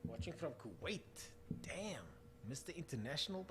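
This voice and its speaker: A man's voice: medium pitch, lively intonation, a little fast, slight background noise. A young man with a South African accent hosting a casual live stream of drag racing, calling the races and chatting through viewer comments.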